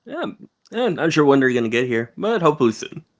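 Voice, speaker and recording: A man's voice: on the high side, very animated, quick pace. A man guest on a livestream, chatting casually with a teasing, drawling delivery that gets compared to a narrator's. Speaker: guest streamer.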